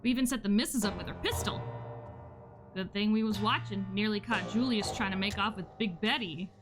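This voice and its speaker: A proud, protective old farmer from a story game, read aloud by a woman in a plain, unfussy way at an ordinary middle pitch. Soft guitar music plays faintly underneath. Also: natural voice. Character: gruff older male farmer, proud and protective.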